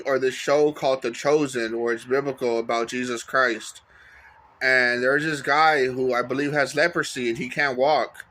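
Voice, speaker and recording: A man's voice: medium pitch, a bit bright. A man giving a casual, earnest faith testimony to his viewers. He talks in an encouraging way, with fillers and self-corrections. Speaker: faith vlogger.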